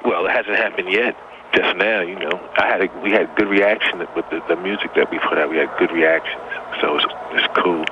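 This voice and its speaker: A man's voice: low voice, fairly quick. A man in his fifties, an interview guest chatting in an easygoing, laid-back way. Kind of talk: casual interview chat. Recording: muffled lo-fi line with noise.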